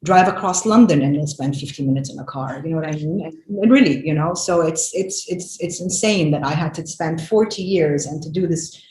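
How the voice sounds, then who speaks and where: A woman in her forties, a filmmaker guest, talks in an animated, emphatic way, with many fillers and restarts. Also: sits low, brisk, hardly any pauses. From Lebanon. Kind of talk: conversational interview. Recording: echoey room with faint noise.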